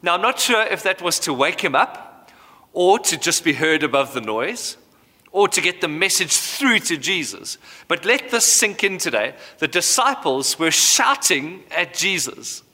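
A man in his thirties, a pastor preaching a sermon with animated storytelling. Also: a little high, unhurried. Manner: animated storytelling, acts out voices. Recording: hall reverb.

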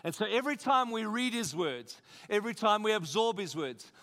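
South African male pastor, high-pitched and bright-toned, energetic sermon delivery with repetition and rhetorical questions. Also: moderate pace. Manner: energetic, emphatic preaching with repeated phrases and audience questions. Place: church.

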